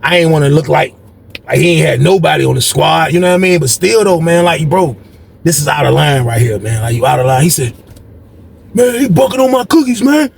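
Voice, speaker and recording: A man's voice: fairly high pitch, steady tone, a little fast, gravelly, slight background noise. A man from Norfolk, telling a story casually and animatedly, full of slang, constantly saying "man" and "bro". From Norfolk, Virginia.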